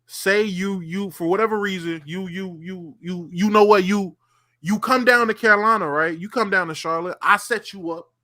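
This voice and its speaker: Podcast co-host, male, high bright voice, rambling animated storyteller. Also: moderate pace. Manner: animated storyteller, repeats himself, lots of fillers. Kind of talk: casual chat.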